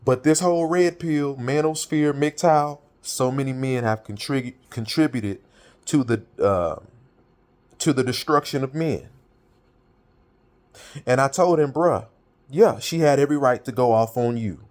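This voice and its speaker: A man's voice: medium pitch, a little slow, a little mellow. A middle-aged man speaking straight to viewers, telling a story in loose, colloquial speech and acting out what he and his friend said. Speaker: motivational talker. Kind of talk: casual monologue.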